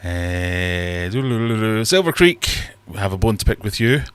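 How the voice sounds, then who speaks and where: A man's voice: on the low side, sing-song, a little fast, fairly bright tone. A man hosting a casual livestream from his fish room, rambling and self-deprecating as he reads chat aloud. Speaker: livestream host.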